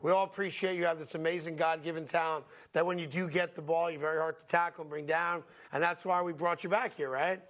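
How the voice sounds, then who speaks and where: A man hosting a sports talk show, telling football stories in an animated way and laughing often. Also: a little high, quick pace, hardly any pauses. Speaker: sports radio host.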